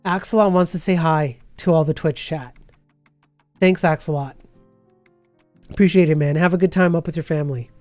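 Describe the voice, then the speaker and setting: A man's voice: a little high, fairly even intonation, moderate pace, long pauses, darkish tone, no room sound, faint music behind. A man, chatting casually on a live stream and reading viewer messages, laughing often, his voice a bit worn from hours of talking. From Canada.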